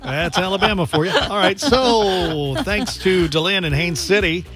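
A man's voice: high-pitched, unhurried. A man hosting a radio fundraising drive, reading out donor names and thanking listeners. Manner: reads donor names and messages. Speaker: radio host.

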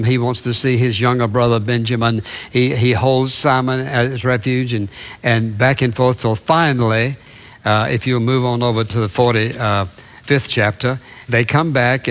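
A man preaching a sermon, retelling Bible passages in a storytelling way with asides to the listeners. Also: medium pitch.

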